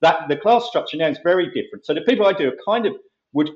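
A man from England, a comedian guest in casual chat, talking in a halting, rambling way with many restarts. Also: a little high, expressive, darkish tone, echoey room, muffled recording.

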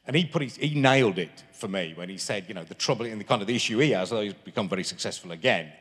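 A man's voice: lowish voice, expressive, rapid-fire, a bit bright, husky. A man, telling rambling anecdotes full of restarts as a guest at a live stage interview. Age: 50s. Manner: rambling storyteller with many restarts. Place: large town hall stage. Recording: long reverb of a large hall.

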